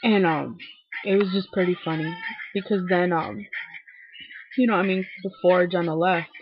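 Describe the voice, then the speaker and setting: Young woman, chatty recap vlog, lots of fillers, slightly low voice, dull faint-hiss recording. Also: fairly even intonation, moderate pace. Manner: chatty, many fillers, swears casually. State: feeling unwell, a little low. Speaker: TV recap vlogger. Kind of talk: casual episode recap.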